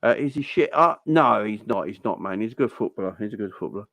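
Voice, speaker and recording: A young man hosting a casual football fan livestream, chatty and giving shout-outs to viewers. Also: fairly low pitch, lively intonation, quick pace, no room sound.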